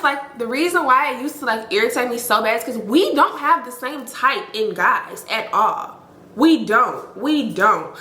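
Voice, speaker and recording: A woman of twenty-eight telling her viewers a story in a casual, blunt, animated way, swearing freely and calling them y'all. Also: on the high side, a little slow, a little hiss or hum. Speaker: storytime vlogger. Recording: echoey room.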